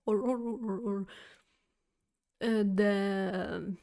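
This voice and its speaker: Slow, rambling woman streamer. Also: mid-range voice, steady tone, gravelly, dark tone. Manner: rambling, filler-heavy, with frequent restarts and giggles. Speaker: streamer talking to chat. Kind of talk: casual chat, telling a nightmare story.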